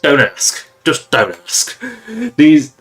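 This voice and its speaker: A man's voice: mid-range voice, lively intonation, slow, fairly bright tone, faint music behind. Rambling man commentating a game. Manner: rambling, chatty, with frequent restarts. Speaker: game streamer. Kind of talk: casual gameplay commentary.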